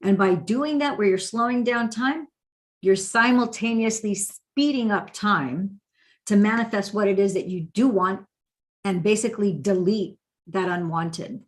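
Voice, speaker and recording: Woman explaining meditation, chatty and animated, mid pitch, acts out the voice in your head. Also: a little slow. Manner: animated, acts out inner dialogue in quotes. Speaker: meditation teacher. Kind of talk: casual spoken teaching.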